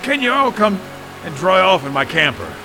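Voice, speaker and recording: A bright, apologetic camper. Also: male voice, high voice, sing-song, moderate pace, soft background music, exaggerated voice. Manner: earnest, apologetic. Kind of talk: radio drama.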